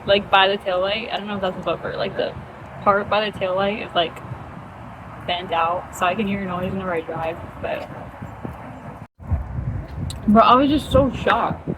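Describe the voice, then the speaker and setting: A woman's voice: mid-range voice, moderate pace, long pauses, dull audio, noisy background. A young woman telling a casual story in a chatty, rambling way, full of fillers.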